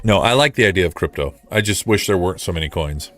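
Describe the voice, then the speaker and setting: A man hosting a casual livestream, ranting in an animated way, repeating himself and making sarcastic asides. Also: sits low, fast, soft background music. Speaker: livestream host. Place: home streaming setup.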